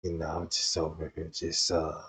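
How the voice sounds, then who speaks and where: A man voicing a deep-voiced smooth-talking guy on the phone, crooning slow and low. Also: monotone, a bit bright, full character voice.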